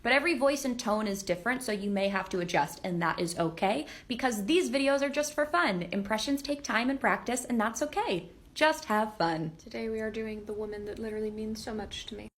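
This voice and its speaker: A young woman, a singer and impressionist, gives an upbeat vocal tutorial in a slightly high voice, talking a little fast with hardly any pauses. She explains plainly, step by step, how to imitate singers.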